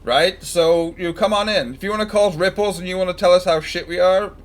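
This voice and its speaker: A man's voice: high voice, brisk. A man chatting casually and joking while commenting live on a football match he is watching for his stream. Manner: chatty, joking, fan-biased predictions.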